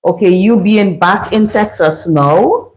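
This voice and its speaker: A woman with a Vincentian accent hosts a casual livestream, chatting in an easy, unhurried way. Her voice sits in a middle range, and she stretches her words out slowly. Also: medium pitch, a little mellow, slight background noise, poor audio. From St. Vincent and the Grenadines. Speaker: livestream host.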